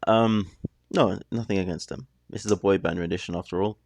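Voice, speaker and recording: A man's voice: sits low, steady tone, fairly quick, gravelly, a little mellow, no echo. A man hosting a reaction video, chatting casually with joking, rambling asides. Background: song playing underneath.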